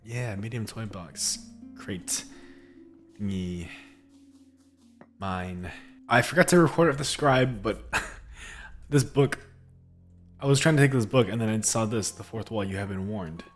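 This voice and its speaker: Over soft background music, a streamer with a fairly low voice talks a little slowly but animatedly, with long pauses. He chats casually while playing, reading in-game texts aloud amid frequent laughs and restarts.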